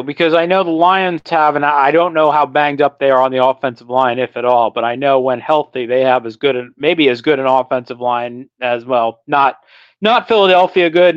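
A man's voice: mid-range voice, clear, resonant tone, no room sound, lo-fi sound. A man co-hosting a casual sports podcast, blunt and opinionated, laughing as he rants. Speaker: podcast co-host.

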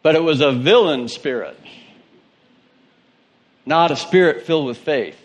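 A man's voice: a little high, animated, measured pace. A male pastor with a Southern twang, reading scripture and preaching an emphatic sermon that asks questions of the congregation.

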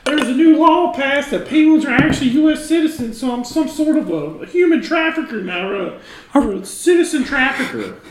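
Improv bit: a man doing a high, giggly, cagey penguin farmer. Echoey room. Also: animated, brisk. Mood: goofy. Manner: rambling, laughing through lines. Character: high-voiced male penguin farmer, shifty.

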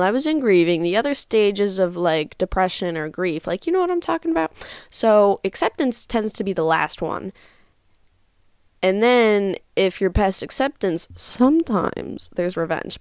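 Young woman, podcast host, casual advice talk, middle pitch, dry close sound, frank and chatty. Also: dry recording. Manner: chatty, frank, uses many fillers.

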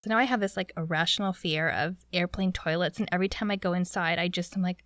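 A young woman from Canada telling a story in a chatty, animated way, with lots of "like". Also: fairly low pitch, brisk, few pauses, no echo, studio quality. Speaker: vlogger. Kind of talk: casual storytelling.

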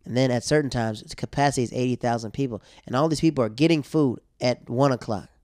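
A young man tells stories in a slangy, animated way in casual talk. He has a mid-pitched voice, and the sound is dry and close. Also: fast, no echo. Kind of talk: casual chat.

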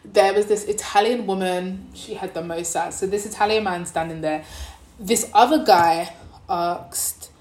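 A young woman vlogging, telling a story in a casual, animated way and acting out the people in it. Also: medium pitch, a little slow, roomy sound.

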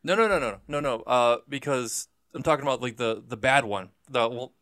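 A young man in a casual movie discussion, talking haltingly with frequent restarts. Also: a bit bright, dry recording, studio quality. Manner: halting, restarts often, jumps up in pitch when making a point.

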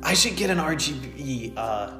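A man's voice: fairly high pitch, roomy sound, music in the background. Joking young man with a bouncy voice. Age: young adult. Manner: joking, lively, quick to laugh. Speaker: podcast co-host. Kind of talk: casual chat.

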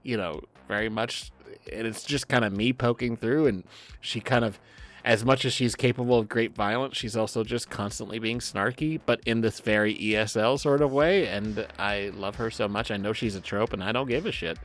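A man co-hosting a podcast over a remote call, talking in a rambling, animated way with lots of fillers and swearing. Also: lowish voice, normal speed. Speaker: podcast co-host and author. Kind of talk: casual podcast chat. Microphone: remote call recording.

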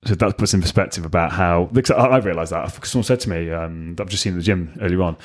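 A man's voice: low-pitched, quick pace. A young man hosting a podcast in casual chat, chatty and rambling with lots of fillers and restarts. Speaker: podcast host.

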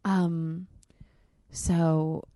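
Female podcast host, lower voice, frank and profane, dry close recording. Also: extremely slow, dry recording. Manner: candid, profane, animated. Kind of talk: casual chat. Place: hot room.

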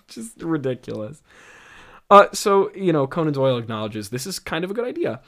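A man's voice: a little high, very animated, moderate pace, fairly bright tone. A man hosting a comedy show, stammering and laughing as he reads and mocks his own old script. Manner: incredulous, laughing, stammering restarts. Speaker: host.

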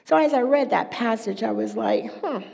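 A middle-aged woman preaching a sermon, moving between hushed whispers and loud, emphatic passages. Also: a little high, normal speed, creaky. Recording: long echoey hall reverb.

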